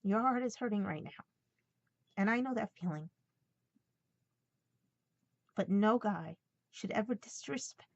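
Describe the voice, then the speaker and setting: A woman speaking in a heartfelt personal vlog, earnest and halting at times as she passes on a message. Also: medium pitch, creaky, no echo, dull audio. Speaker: vlogger.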